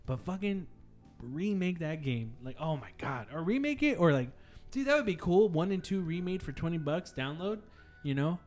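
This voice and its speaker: A man's voice: on the high side, sing-song, moderate pace, a little mellow, faint music behind. A man hosting a podcast, chatting loosely with friends and swearing often. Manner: loose, swearing, laughing banter. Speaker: podcast host. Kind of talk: casual podcast chat.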